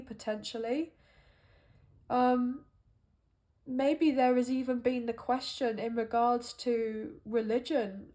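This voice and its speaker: Slow, musing woman reading tarot. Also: a little high, mellow. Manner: musing and hesitant, thinking aloud with many fillers. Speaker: tarot card reader. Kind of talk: intuitive tarot reading monologue.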